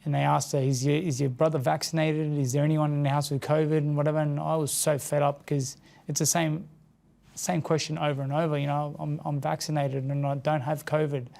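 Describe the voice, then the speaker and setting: An Australian man speaks as an interview guest, earnest and halting, often repeating words and restarting. His voice sits a little high and gravelly with a fairly flat, level delivery. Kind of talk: emotional personal account in an interview.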